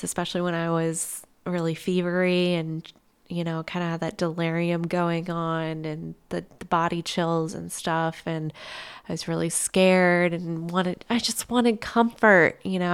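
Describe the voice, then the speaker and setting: A woman talks alone on her podcast in an open, heartfelt and conversational way, and lets a casual swear word slip now and then. Her voice is a touch low and notably smooth and clear. She takes her time, moving at a slow, unhurried pace. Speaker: podcast host. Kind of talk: personal podcast monologue.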